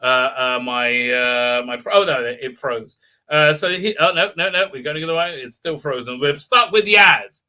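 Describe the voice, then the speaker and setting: A man's voice: mid-range voice, steady tone, normal speed, sharp tone. A man hosting a live-stream review, rambling and sarcastic, with many stalls and restarts. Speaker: host and reviewer.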